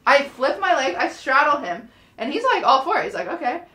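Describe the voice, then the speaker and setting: Animated young woman telling a story, roomy echo. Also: sits high, fairly quick. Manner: animated storyteller, acts out quoted lines. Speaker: podcast co-host. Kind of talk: casual storytelling chat. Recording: roomy, echoey sound.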